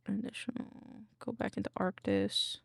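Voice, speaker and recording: A woman's voice: mid-range voice, sing-song, normal speed, creaky, no echo. A woman streamer in casual chat, cranky and rambling, swearing and muttering to herself.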